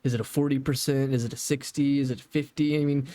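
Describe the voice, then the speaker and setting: A man's voice: mid-range voice, little pitch movement, quick pace, warm tone, dry recording. A man casually reacting to a game developer video, rambling and swearing now and then as he explains game mechanics. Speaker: gaming reaction host.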